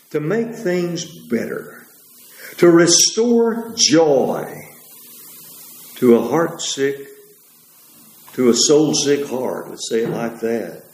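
A man preaching a sermon in a rambling way, pausing on fillers and correcting himself as he goes. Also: fairly high pitch, darkish tone, roomy sound, poor audio.

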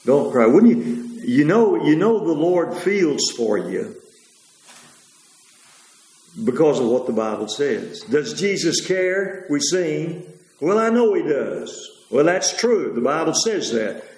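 A man preaching a sermon in a rambling way, pausing on fillers and correcting himself as he goes. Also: fairly high pitch, sing-song, darkish tone, roomy sound, poor audio.

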